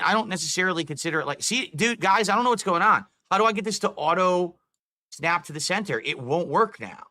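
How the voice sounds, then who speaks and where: A man's voice: fairly high pitch, sharp tone. A middle-aged man streaming live, talking to chat and swearing in exasperation over his broken setup. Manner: exasperated, swearing, talking through tech trouble.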